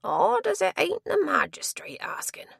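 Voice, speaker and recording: A woman's voice: very high voice, wildly swooping pitch, normal speed, vocal fry, a bit bright, no echo, clean studio sound, voice pushed up, exaggerated voice. A woman reading nosy elderly male tavern regulars who speak in rustic dialect. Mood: curious. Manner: rustic dialect, chatty and curious.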